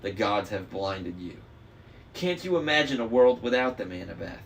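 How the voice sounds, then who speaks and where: A man's voice: fairly low pitch, animated, normal speed. A man voicing a smug young traitor. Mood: mocking. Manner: smooth, mocking, persuasive. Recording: faint noise, slightly distant mic.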